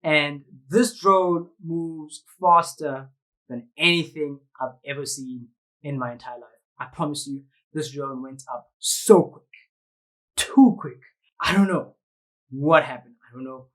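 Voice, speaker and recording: Lively South African man telling a story. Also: fairly high pitch, a little slow, poor audio. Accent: South African English. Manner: lively, slangy, uses sound effects and quoted voices. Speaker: vlogger. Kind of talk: animated storytelling to camera.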